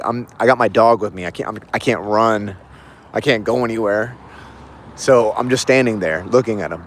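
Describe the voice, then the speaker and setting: A man's voice: mid-range voice, slight background noise. A man livestreaming, casually telling a long story in a rambling way, full of "like" and repeated phrases. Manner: rambling, repeats himself, lots of "like".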